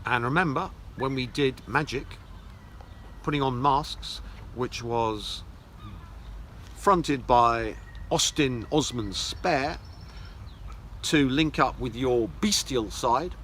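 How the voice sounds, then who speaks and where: A man's voice: medium pitch, slow, pauses often, fairly bright tone, slight background noise. A man giving a mocking lecture, reading articles aloud with scornful, sarcastic asides. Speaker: esoteric teacher.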